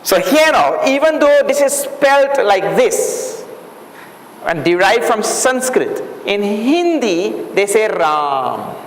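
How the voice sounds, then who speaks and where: Speaking slowly in a high-pitched, very animated voice, a man leads a Sanskrit class, patiently going over words again and again and questioning his students. The recording comes from an echoey hall or classroom with faint room noise.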